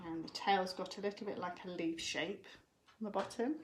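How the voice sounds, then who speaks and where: A woman's voice: on the low side, steady tone, moderate pace, slight background noise. A woman giving a live drawing lesson for children from home, explaining each step patiently. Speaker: drawing teacher.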